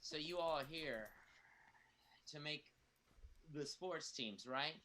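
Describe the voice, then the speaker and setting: A man playing a loud, swaggering bro who rambles through stories with lots of "uh"s, in a comedic character monologue. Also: on the high side, slow. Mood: brash. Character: brash loud bro character, Zach Smith. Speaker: performer in a comedy play reading.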